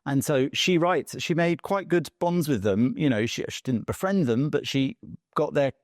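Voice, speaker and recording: A man hosting an interview, speaking in a measured conversational way and sharing anecdotes before asking his questions. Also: a little high, no echo, studio quality. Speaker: interview host.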